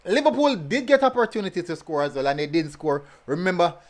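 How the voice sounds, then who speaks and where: Speaking fast in a voice that sits high, a man works through chat comments on his casual football review stream, his talk loose and chatty, packed with fillers and recycled phrases.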